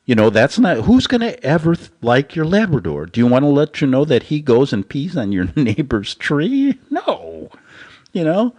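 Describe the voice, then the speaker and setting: A man's voice: fairly high pitch, wildly swooping pitch, moderate pace, darkish tone. A man hosting a commentary show, talking in a rambling, casual way and chuckling at his own jokes. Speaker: host.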